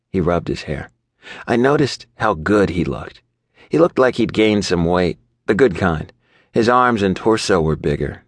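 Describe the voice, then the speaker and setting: A man narrating an audiobook in the first person, measured and even. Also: low voice, dry recording, clean studio sound. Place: studio booth.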